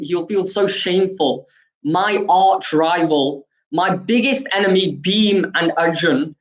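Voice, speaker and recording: A man voicing a calm, wise older-brother king who reasons earnestly with his sibling. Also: sits high, echoey room, natural voice, rough recording.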